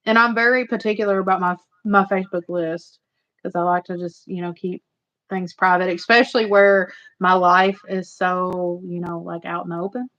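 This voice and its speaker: A woman's voice: on the low side, steady tone, normal speed, fairly bright tone. A woman hosting a casual livestream, chatting and rambling to her viewers. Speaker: livestream host. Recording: slightly muffled lo-fi audio.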